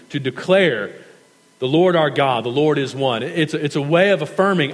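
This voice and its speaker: A male pastor delivers a sermon in a fairly high voice. His words ring out with a long hall reverb. He presses earnestly on repeated phrases and draws out the important ones. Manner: earnest preaching with emphatic repetition and stretched key phrases.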